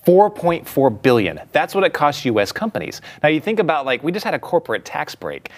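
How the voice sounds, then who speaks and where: A man's voice: fairly high pitch, very animated, fast, a bit bright. A man co-hosting a political talk show, explaining things casually with lots of fillers. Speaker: co-host.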